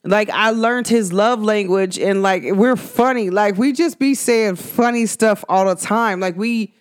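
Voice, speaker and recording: A young woman with talks through her own podcast in a loose, conversational way. She is animated and chatty, breaks into laughter and slips into other people's voices when she quotes them. Her pitch sits in a middle range for a woman. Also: measured pace, clear, resonant tone. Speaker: podcast host. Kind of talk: casual solo podcast talk.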